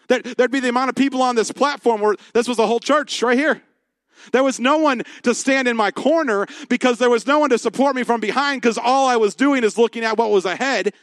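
A male pastor preaching a sermon, telling the story with lively acted-out dialogue and talking with the congregation. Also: very high voice, no echo. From Michigan. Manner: animated storytelling, acts out quoted voices.

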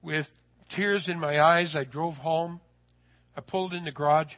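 A man telling a personal story in a sermon, folksy and animated, his voice rising when he gets excited. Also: a little high, measured pace, lo-fi sound.

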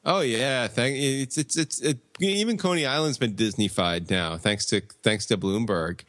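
A man co-hosting a comics podcast, chatting casually and spinning a rambling deadpan tall tale. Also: mid-range voice, moderate pace, no echo, clean studio sound. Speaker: podcast co-host.

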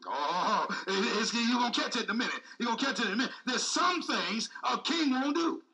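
Man, preacher, lively high voice, bright tone, a bit far from the mic. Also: a little fast. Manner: call-and-response preaching, repetitive, emphatic. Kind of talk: sermon.

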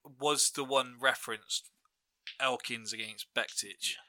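Guy hosting a chatty podcast, really bright tone, dry close sound, laughs a lot. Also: mid-range voice, slow pace, dry recording. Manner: lively storyteller, laughs often. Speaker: podcast host. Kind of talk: casual podcast chat.

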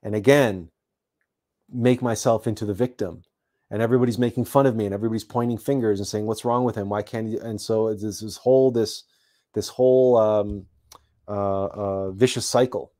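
A man from Canada recounting a childhood story in a reflective talk, halting often and repeating words with many fillers. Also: fairly low pitch, fairly even intonation, mellow. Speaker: host.

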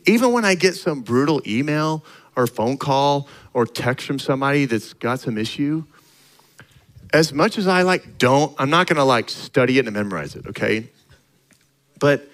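A man's voice: on the high side, expressive, moderate pace, rough recording. A middle-aged male pastor preaching a sermon in a conversational way, acting out little dialogues and rising to emphatic points.

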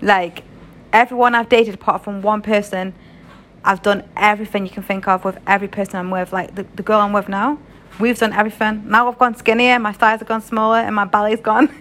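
A woman's voice: mid-range voice, flat delivery, fairly quick, fairly bright tone. A young British woman telling a story in a casual vlog, frank and chatty, swearing freely. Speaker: vlogger.

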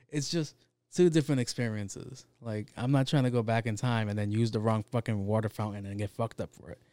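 A man's voice: on the low side, steady tone, a little fast, darkish tone, dry recording. Man, casual rambling monologue, profane, filler-heavy, dead-dry sound.

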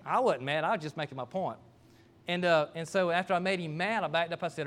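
High-voiced middle-aged male pastor. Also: fast talker, a bit bright. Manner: folksy, conversational, self-deprecating storytelling. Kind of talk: sermon with personal story.

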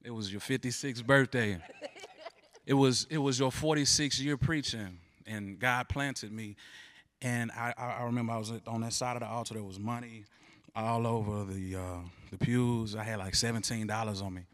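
A man giving an earnest, halting church testimony. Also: medium pitch, fairly even intonation, fairly bright tone. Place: church sanctuary.

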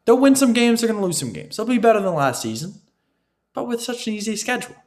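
A man's voice: sits high, very animated, fast, a little mellow. A man delivering an opinionated football analysis monologue, emphatic and repetitive, often asking his listeners "right?". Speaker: sports commentator.

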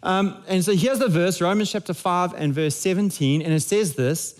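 A man's voice: high voice, moderate pace, few pauses. A man, preaching a sermon in a conversational, jokey way with frequent restarts. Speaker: pastor.

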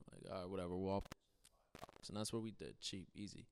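A man's voice: lowish voice, fast talker, creaky, slight background noise. A man hosting a podcast, casually telling profane, laugh-filled stories about a trip with friends. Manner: laid-back, profane, laughs through his stories. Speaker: podcast host. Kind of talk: casual storytelling chat.

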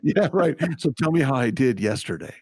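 A man's voice: mid-range voice, big pitch swings, a little fast, a little mellow, breathy edge, no echo, clean studio sound. A middle-aged man co-hosting a podcast in casual chat, jokey and teasing. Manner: jokey, teasing, laughs often. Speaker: podcast co-host.

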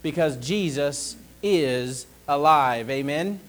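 Slow, deliberate preaching man. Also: fairly high pitch, low-quality recording. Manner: slow, deliberate preaching with call-outs to the congregation. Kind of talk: sermon.

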